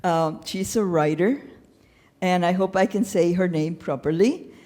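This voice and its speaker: A woman hosting a poetry event at a library, thanking the people who helped and introducing the next reader, halting now and then with fillers. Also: lowish voice, dark tone. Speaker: event organizer and host.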